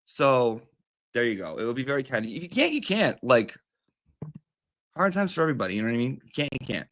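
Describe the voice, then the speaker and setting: A man's voice: medium pitch, sing-song, fairly quick, a bit bright, dry recording, clean studio sound. A man with a gossipy, sassy, rambling manner, talking casually as a teacher-like persona on a comedy livestream.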